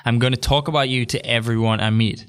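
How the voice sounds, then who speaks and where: A man's voice: mid-range voice, fairly even intonation, quick pace, a bit bright, smooth. A young adult man from England, hosting a solo podcast in an upbeat, chatty way with jokey asides. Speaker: podcast host.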